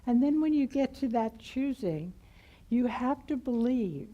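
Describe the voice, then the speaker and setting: A woman minister giving a gentle, heartfelt sermon in a church. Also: a little high, lively intonation, a little slow, muffled recording. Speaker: guest minister. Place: church sanctuary.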